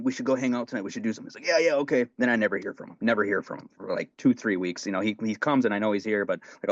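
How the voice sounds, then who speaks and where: Low-voiced guy rambling thru a sweary story, dry dull lo-fi mic. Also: no room sound. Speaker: podcast co-host. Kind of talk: casual chat.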